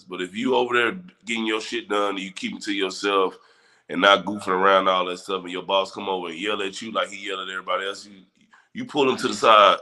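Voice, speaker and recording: A man hosting a casual livestream, giving advice and answering chat viewers in a relaxed, conversational way. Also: fairly low pitch. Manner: laid-back, talks straight to chat viewers. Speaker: livestream host.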